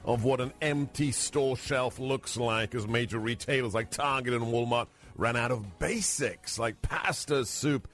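A man's voice: medium pitch, a bit bright. A man hosting a call-in radio talk show, speaking confidently and emphatically, repeating phrases for stress.

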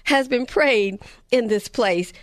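A woman's voice: fairly high pitch, no room sound, clean studio sound. A woman putting on an awestruck elderly Jamaican grandmother. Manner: exclaiming loudly, drawn-out.

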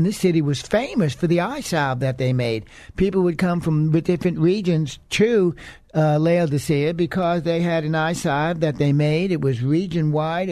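Male radio Bible teacher, slightly high voice, earnest and chatty, dry close sound. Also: warm tone, no room sound. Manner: earnest, conversational, with fillers.

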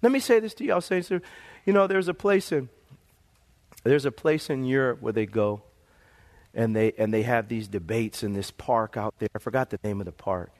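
A man's voice: mid-range voice, expressive, moderate pace. A middle-aged male pastor preaching a sermon, telling stories animatedly and calling for amens.

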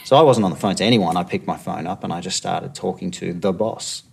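Low gravelly Australian man. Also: brisk, a little hiss or hum. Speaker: police negotiator. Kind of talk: documentary interview.

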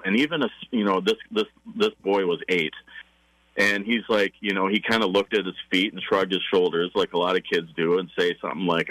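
A man with a lowish, bright voice, talking as a guest on a radio show. He explains parenting steps with enthusiasm and acts out what parents and kids say. The sound is dry and close to the mic. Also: fairly quick, no echo, rough recording. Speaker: parenting class facilitator.

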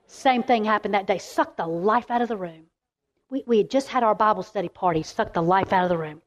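A middle-aged woman preaching a storytelling sermon as a women's ministry speaker, animated and emphatic, often restarting her words. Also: a little high, a little fast.

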